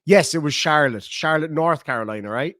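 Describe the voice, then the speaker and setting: In a dry, clean studio recording, a middle-aged Irish man hosts a livestream and reads out viewer comments, rambling, joking and chatting casually. His voice is fairly high and a bit bright, and he talks fairly quickly.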